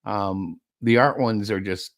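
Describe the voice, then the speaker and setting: Low-voiced rambling stream host man. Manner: rambling, halting, laughs while fiddling with tech. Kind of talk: casual chat.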